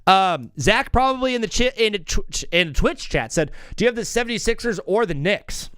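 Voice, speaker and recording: A man hosting a live sports comedy call-in stream, bantering with callers in an energetic, joking, rambling way. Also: high-pitched, a little fast, clean tone, dry recording, clean studio sound.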